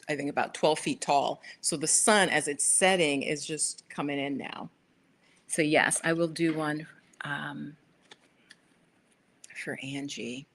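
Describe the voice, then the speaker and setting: A middle-aged woman hosting a casual livestream from her sofa, chatty and rambling as she gives tarot readings to viewers. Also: sits low. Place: living room sofa by big windows.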